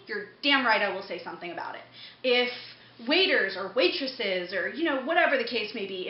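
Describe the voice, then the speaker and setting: A young woman vlogging, telling a story in a blunt, profane, quick-tempered way. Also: a little high. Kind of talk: casual storytelling to camera. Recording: dull echoey room recording with faint hum.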